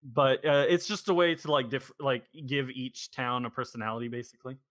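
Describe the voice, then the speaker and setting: A man's voice: mid-range voice, steady tone, fairly quick, fairly bright tone, no room sound. A man hosting a podcast in a casual chat, rambling and thinking aloud as he goes. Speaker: podcast host.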